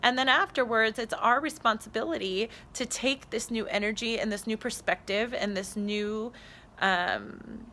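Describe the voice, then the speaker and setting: Woman, spiritual vlogger; earnest, heartfelt delivery, bright tone with a gravelly edge, phone mic outdoors. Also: fairly high pitch, unhurried, slight background noise. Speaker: spiritual channeler. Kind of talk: casual spiritual vlog. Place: outdoors on a trail.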